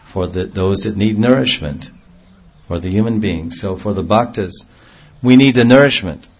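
A man with a low, husky voice preaches an earnest devotional sermon, explaining through homely everyday examples. The recording is dull and lo-fi. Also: normal speed.

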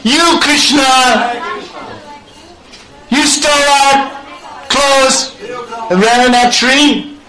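A man's voice: extremely high pitch, drawn-out words, long pauses, pushed and bright, reverberant, pitched above the performer's own voice, heavily acted, low-quality recording. A man doing a haughty, hot-tempered little girl. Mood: scolding. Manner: scolding, imperious.

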